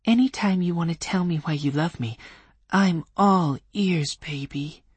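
A man voicing a quick-witted young woman apprentice who talks in a bright, teasing way. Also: high-pitched, sing-song, breathy edge, no room sound, pitched above the performer's own voice, exaggerated voice. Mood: playful.

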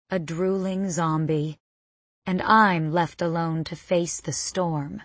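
A woman's voice: on the low side, fairly even intonation, slow, no echo. A woman narrating a first-person audiobook with tense, dramatic storytelling.

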